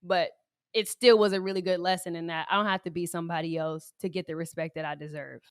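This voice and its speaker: A woman's voice: on the low side, steady tone, no room sound, studio quality. Reflective woman cohosting a podcast. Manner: reflective and direct, chimes in with quick remarks. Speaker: podcast co-host. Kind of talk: casual chat.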